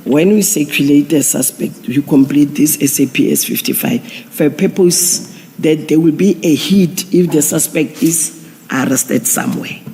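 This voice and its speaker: A man, a police general giving formal testimony at an inquiry, measured and procedural with frequent restarts. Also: a little high, mellow. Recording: long hall reverb.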